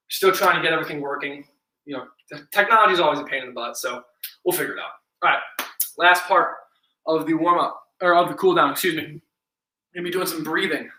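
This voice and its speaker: An encouraging male fitness coach leads a streamed class, counting down exercises and cheering people on while slightly out of breath. His voice is crisp and bright, sitting a touch high for a man. He sounds set back from the mic in a room with a noticeable echo. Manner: upbeat, encouraging, counts reps aloud. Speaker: fitness instructor. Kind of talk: live-streamed workout class. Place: indoor room, home workout stream. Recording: echoey room, distant mic.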